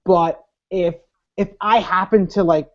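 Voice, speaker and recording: A man's voice: high-pitched, fairly even intonation, unhurried. A man from Staten Island with a nasal New York accent, talking hesitantly in a casual voice chat. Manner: hesitant, repeats himself. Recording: lo-fi voice chat audio.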